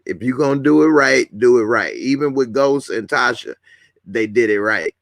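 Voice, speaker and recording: A man's voice: mid-range voice, normal speed, vocal fry, a bit bright, dry recording, clean studio sound. A man casually hosting a live stream, chatting with viewers, greeting commenters and laughing often. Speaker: YouTube host.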